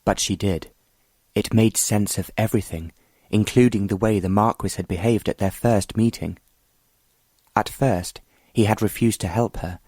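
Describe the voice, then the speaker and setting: A man with a very deep, low voice reads a romance audiobook in steady, measured narration. The recording is close and completely dry. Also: dry recording. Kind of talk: scripted narration of a romance novel.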